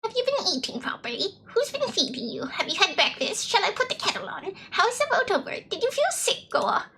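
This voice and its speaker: A woman voicing a doting, fussing older grandmother with a British accent and a high, fluttery voice that rises into breathy peaks. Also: very animated, brisk, bright, forceful tone, exaggerated voice. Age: over 60. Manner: clucking and fussing nonstop.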